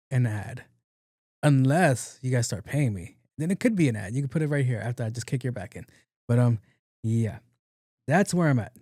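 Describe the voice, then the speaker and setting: A man's voice: medium pitch, dark tone, dry recording, studio quality. A young adult man hosting his own podcast, telling funny stories in a casual, joking way and acting out both sides of the conversations. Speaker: podcast host. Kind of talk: casual solo podcast monologue.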